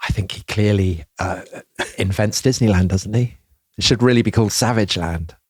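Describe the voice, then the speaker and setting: A man's voice: on the low side, normal speed, breathy edge, no room sound. An Englishman co-hosting a history podcast, chiming in with dry, wry remarks. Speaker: podcast co-host. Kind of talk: casual history podcast chat.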